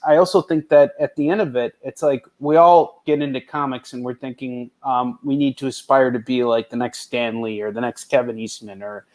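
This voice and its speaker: A man's voice: mid-range voice, steady tone, normal speed, hardly any pauses, darkish tone. A man hosting a casual interview, talking animatedly, laughing easily and repeating words as he starts sentences. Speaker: podcast host.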